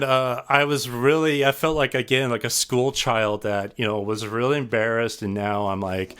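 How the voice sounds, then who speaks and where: A man's voice: medium pitch, steady tone, moderate pace, hardly any pauses, a bit bright, clear, resonant tone. Self-deprecating man telling a rambling story. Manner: rambling and self-deprecating, with many fillers and restarts. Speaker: podcast guest, sound artist. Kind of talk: casual storytelling in a podcast interview.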